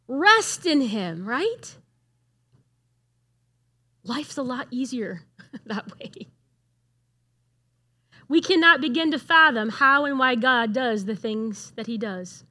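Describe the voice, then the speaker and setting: A middle-aged woman speaking at a church gathering gives a conversational sermon, earnestly asking the room questions. Her voice sits high and sounds bright and forceful.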